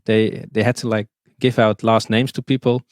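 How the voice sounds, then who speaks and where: A man's voice: lowish voice, little pitch movement, normal speed, darkish tone, no echo, clean studio sound. A man with a Dutch accent, a podcast guest in a casual interview, speaking hesitantly with many fillers and restarts. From Netherlands.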